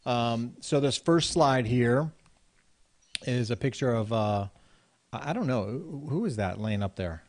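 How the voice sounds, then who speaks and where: A man hosting a casual real estate talk show, relaxed and laughing along as he moves between segments. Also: mid-range voice, unhurried. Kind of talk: casual banter.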